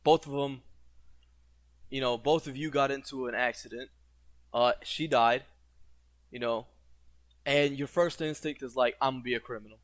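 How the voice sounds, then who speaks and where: A man's voice: medium pitch, steady tone, a little slow, pauses often, dry recording. A man giving blunt, profane reaction commentary, ranting and mocking the characters in put-on quotes.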